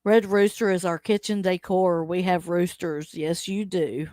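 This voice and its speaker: Slow, chatty woman hosting a live stream. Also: on the low side, steady tone, mellow, no room sound, clean studio sound. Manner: chatty and teasing, reads chat aloud and laughs often. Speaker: livestream host. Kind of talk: casual live chat with viewers.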